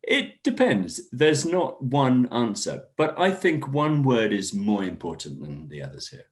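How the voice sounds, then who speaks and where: Man teaching with lively intonation. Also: mid-range voice, measured pace. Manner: encouraging, models sentences with stress. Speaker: English workshop teacher. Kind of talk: online class instruction.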